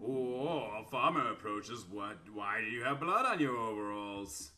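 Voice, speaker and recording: A man doing let's-play commentary, reading answers aloud in animated voices and laughing often. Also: mid-range voice, a little slow, faint music behind. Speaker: gaming YouTuber.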